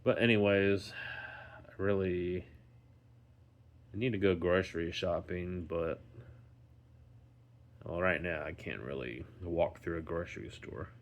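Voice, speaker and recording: A man talking casually in a daily vlog, rambling slowly with many ums and restarts while recovering at home and sounding tired. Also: low voice, dull audio. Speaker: vlogger.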